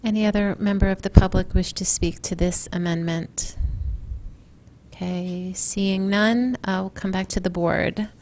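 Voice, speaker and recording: A woman's voice: mid-range voice, steady tone, measured pace, darkish tone, a little hiss or hum. A woman chairing a school board meeting, brief and procedural as she calls for speakers.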